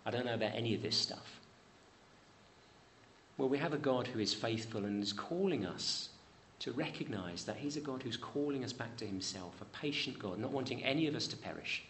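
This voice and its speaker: A man preaching to his church, and his voice sits in a middle range. He swings up high on pleading, repeated questions and sinks low and quiet on words of promise. A faint background hum runs under the speech. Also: animated, a little fast, gravelly, hardly any pauses. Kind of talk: sermon.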